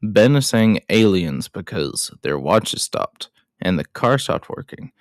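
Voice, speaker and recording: Brief: male movie recapper, slow unhurried delivery, chatty self-deprecating asides, dry close recording. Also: on the low side, big pitch swings, no room sound. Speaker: film recap host. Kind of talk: casual film recap.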